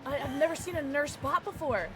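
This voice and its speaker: A young adult woman streamer giving excitable live gameplay commentary, shrieking and laughing through chases. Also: sits high, a little fast, over loud music.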